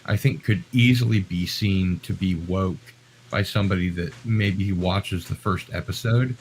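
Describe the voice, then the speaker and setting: A man's voice: low voice, a little slow, a little hiss or hum, rough recording. An American man live-streaming, talking in a chatty, rambling, self-deprecating way. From United States. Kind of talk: casual live-stream chat.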